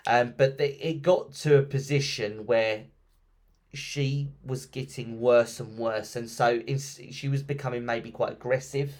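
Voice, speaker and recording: A man hosting a podcast, retelling ghost stories in a chatty, lively way with plenty of ums and restarts. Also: medium pitch, unhurried. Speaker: podcast host. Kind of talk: casual storytelling podcast.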